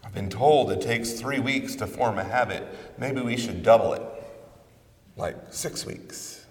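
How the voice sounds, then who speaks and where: A man preaching a sermon in the form of a conversational prayer, measured, with dramatic pauses. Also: mid-range voice. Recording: roomy reverberant hall, voice from a distance.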